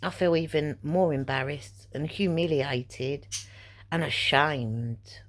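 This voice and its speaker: A woman's voice: sits low, slow pace. A middle-aged woman telling a personal story in a casual vlog, indignant and rambling as she re-enacts conversations. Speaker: vlogger.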